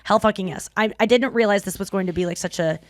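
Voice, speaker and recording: Lively woman podcast host. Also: medium pitch, quick pace, no room sound, clean studio sound. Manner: animated, laughing, reads letters aloud with asides. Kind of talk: casual podcast chat, reading listener mail.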